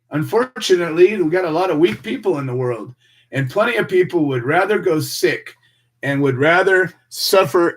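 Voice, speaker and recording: An American man hosts a radio show and delivers an impassioned monologue. He talks in a fiery, preachy way, stacking rhetorical questions and repeating himself for emphasis. His voice sits a bit high for a man. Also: a bit bright.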